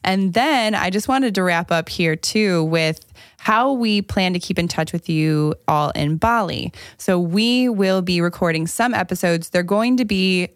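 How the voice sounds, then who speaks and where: A woman's voice: on the low side, unhurried, no echo, studio quality. A young adult woman co-hosting a podcast, chiming in and finishing her co-host's sentences in casual chat. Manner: chimes in, finishes the other's sentences. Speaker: podcast co-host.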